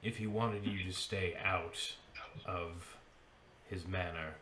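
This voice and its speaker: A man as a deadpan, deep-voiced father. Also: echoey room, slight background noise, full character voice. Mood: dry. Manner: dry, unhurried, deadpan. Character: aloof, dry-witted father to a grown child. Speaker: game master. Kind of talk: voicing a character in a tabletop game.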